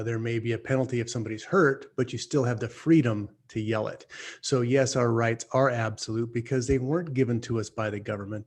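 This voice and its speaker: A man hosting a talk radio show, with a voice of middling pitch. He is folksy and opinionated, and mixes jokes into his remarks to listeners. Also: slightly rough. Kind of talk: talk radio monologue and banter.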